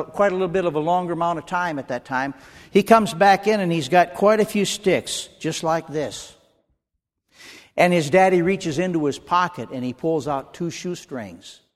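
A man preaching a sermon in a church with emphatic call-and-response delivery, then leading a prayer. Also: fairly high pitch. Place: church hall. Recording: long church-hall reverb.

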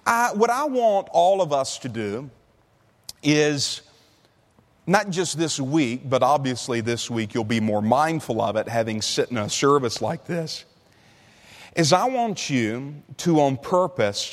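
A man preaching a sermon in a conversational way, slowing down and stretching the key words for emphasis. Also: a little high. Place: large church hall. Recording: long hall reverb.

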